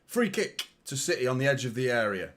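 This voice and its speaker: A man's voice: mid-range voice, sing-song, brisk, fairly bright tone. A man hosting a live football watchalong, giving exasperated, sweary fan commentary.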